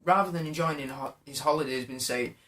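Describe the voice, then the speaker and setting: A man's voice: mid-range voice, fast, fairly bright tone. A young man, co-hosting a podcast in joking banter, often chiming in to agree. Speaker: podcast co-host. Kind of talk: casual chat. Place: co-host's house. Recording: echoey room.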